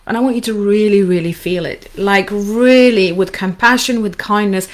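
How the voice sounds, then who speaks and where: A woman coaching listeners through a guided forgiveness exercise, speaking calmly with slow, repeated instructions. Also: medium pitch. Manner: calm, slow, repetitive instructions. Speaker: anxiety coach.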